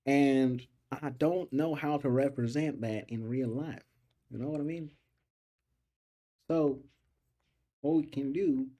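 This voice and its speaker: A young man streams himself studying calculus, talking to his viewers in a loose, casual way. His voice is mellow and dark. He repeats his questions aloud, working through each step until it makes sense. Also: medium pitch.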